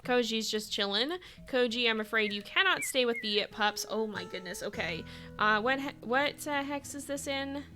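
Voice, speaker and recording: A woman's voice: a little high, moderate pace, sharp tone. A woman streaming a game live, chatting with her viewers and urging her animals along, often breaking into giggles. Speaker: gaming streamer. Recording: game music under the voice. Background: background game music.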